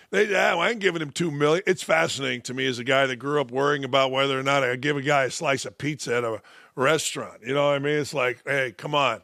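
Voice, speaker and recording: A man's voice: on the high side, pushed and bright, no echo. An older man hosting a sports talk show, delivering an opinionated, sarcastic monologue with mocking asides from a studio mic.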